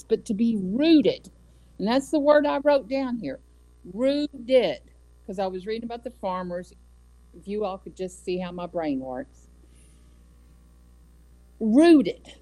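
A woman giving an earnest devotional talk on scripture, with measured delivery and emphatic repetition. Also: fairly high pitch, mellow, rough recording. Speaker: Bible study speaker. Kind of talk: devotional teaching.

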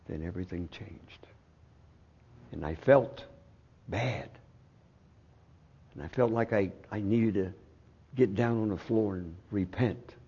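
Husky-voiced pastor, slow hushed and loud. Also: male voice, fairly low pitch, muffled recording. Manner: swings from loud outbursts to hushed, slow phrasing. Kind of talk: sermon.

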